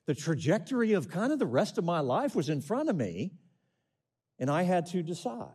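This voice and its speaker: A man's voice: sits high, big pitch swings, normal speed, a little mellow, husky. A middle-aged man preaching a sermon, reading scripture and asking the congregation questions with rising emphasis. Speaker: pastor.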